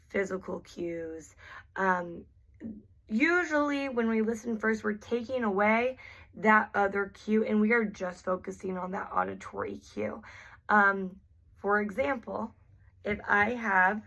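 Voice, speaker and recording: A woman teaching therapy strategies in a clear, patient way, often starting sentences with an um. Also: mid-range voice, a bit bright. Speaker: therapy instructor. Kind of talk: instructional explanation.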